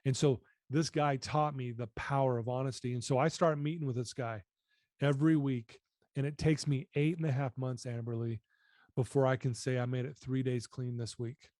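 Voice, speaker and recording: A man in his fifties recounts his life story as an interview guest, speaking earnestly and with open emotion. His voice is warm and mellow, at an ordinary pitch. The recording is dry and close, with no room sound. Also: fairly even intonation, normal speed, no room sound.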